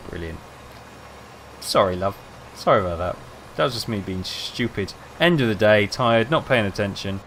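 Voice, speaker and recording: A man's voice: on the low side, animated, moderate pace, a bit bright, slight background noise. A young man rambling casually, telling self-mocking stories over gameplay. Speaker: gaming video host.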